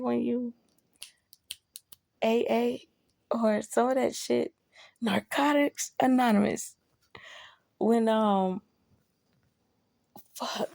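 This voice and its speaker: A woman's voice: on the high side, gravelly, mellow, no echo. A woman casually telling a personal story to camera, blunt and profane, with emphatic outbursts.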